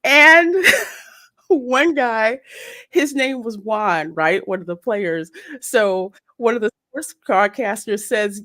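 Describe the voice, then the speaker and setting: A woman's voice: fairly high pitch, takes it slowly, long pauses, no room sound, clean studio sound. A woman hosting a casual live-stream podcast, reading out chat messages and laughing easily. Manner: animated, reads chat names aloud, laughs easily. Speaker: podcast host.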